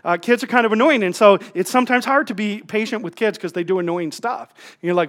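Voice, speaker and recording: A middle-aged man, a pastor, giving a conversational sermon in a church, joking about himself in animated asides. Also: high-pitched, a little fast, few pauses. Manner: humorous, self-deprecating, animated asides. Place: church sanctuary.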